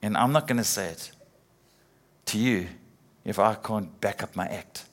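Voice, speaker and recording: Husky-voiced man preaching casually. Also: lowish voice, a little slow. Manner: conversational, with repetitions and playful acted quotes. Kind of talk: sermon.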